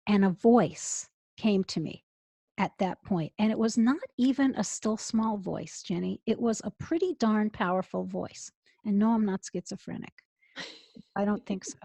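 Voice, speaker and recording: A middle-aged woman rabbi, telling an expressive story as an interview guest over earphones on a call. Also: mid-range voice, normal speed, gravelly, no room sound. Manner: expressive, builds to emotional peaks. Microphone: earphones with mic.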